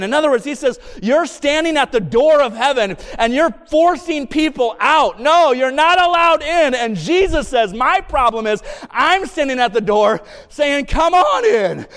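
A man preaching a sermon in church, reading scripture slowly and building to emphatic points. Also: extremely high pitch, a bit bright. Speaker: pastor. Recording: long reverb of a church hall.

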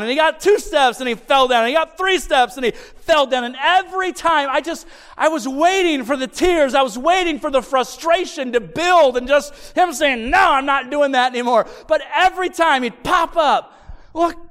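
A man preaching a sermon, telling a family story in an animated way that swings from loud excitement to hushed softness. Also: extremely high pitch, smooth, in a large hall. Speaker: pastor.

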